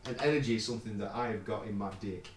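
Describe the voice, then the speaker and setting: A man's voice: lowish voice, very fast. A man recording rap lines on a live stream, swearing freely and bantering between takes. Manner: swears freely, jumps between rapping and joking. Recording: roomy, distant mic, faint noise.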